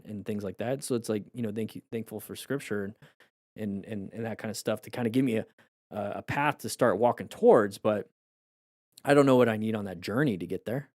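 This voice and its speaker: A man who coaches motorcycle riding, his voice going hoarse, talks in a reflective, rambling way with viewers on a live stream, often restarting his sentences. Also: on the low side, a little fast, a little mellow, no room sound, studio quality.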